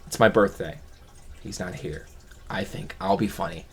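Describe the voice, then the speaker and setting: A man's voice: sits low, normal speed, slightly rough. A man vlogging a personal story from his childhood, reflective and rambling, often restarting his sentences.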